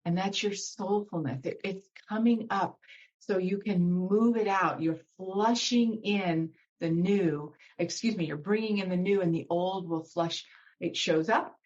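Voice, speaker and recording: Soothing low-voiced woman guiding breathwork. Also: a little mellow, highs cut off. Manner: soothing, slows down to guide breathing. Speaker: guest spiritual teacher. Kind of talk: guided meditation and spiritual talk.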